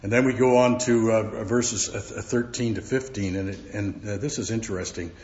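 A man teaching verse by verse from the Bible, halting often with fillers and repeated words. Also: on the low side, fairly even intonation, darkish tone. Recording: roomy, dull recording.

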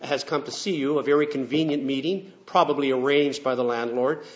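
A man's voice: medium pitch, steady tone, fairly quick, close to an everyday voice. A man voicing a plain house servant, matter-of-fact. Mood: informing. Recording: dull lo-fi recording.

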